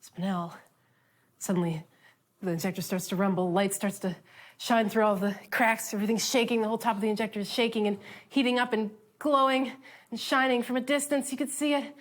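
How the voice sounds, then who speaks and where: Woman pitching a storyboard. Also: steady tone. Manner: acting out scenes, quick, playful.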